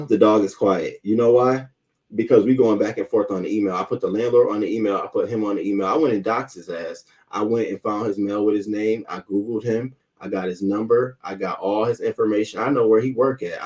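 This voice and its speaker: A man's voice: low-pitched, a little mellow, distant mic. A man hosting a live stream, greeting chat viewers by name and ranting in a heated, profane way about a neighbor's barking dog. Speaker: host. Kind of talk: casual live-stream rant.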